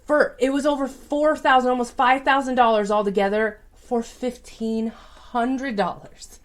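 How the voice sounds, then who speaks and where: A woman's voice: a little high, fairly even intonation, a little slow. Chatty woman telling a personal story. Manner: chatty, many fillers like "like" and "um". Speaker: psychic and tarot reader.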